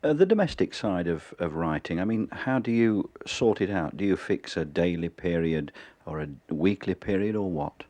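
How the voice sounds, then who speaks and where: A man interviewing his guest with measured, formal questions. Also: deep voice, lively intonation, warm tone, no echo. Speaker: radio interviewer.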